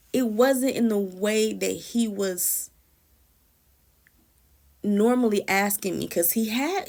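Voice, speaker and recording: A woman's voice: medium pitch, vocal fry. A woman sharing a personal prayer testimony in an earnest, emotional, conversational way, often repeating and restarting phrases.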